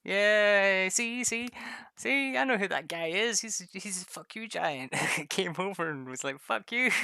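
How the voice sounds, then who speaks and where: Casual streamer, bright voice, dry close sound, loose rambling chat with plenty of swearing. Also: mid-range voice, animated, a little slow, clean tone, no room sound. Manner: rambling, self-mocking, swears freely; laughs often. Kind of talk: casual livestream chat while drawing maps.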